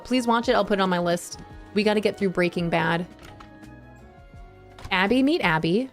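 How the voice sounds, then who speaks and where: A woman's voice: medium pitch, lively intonation, moderate pace, long pauses. A woman streaming a cozy game, chatting with viewers in a bubbly, giggly way. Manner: giggly and bubbly, laughs often, chats with viewers. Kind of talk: casual live-stream chat. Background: faint game music.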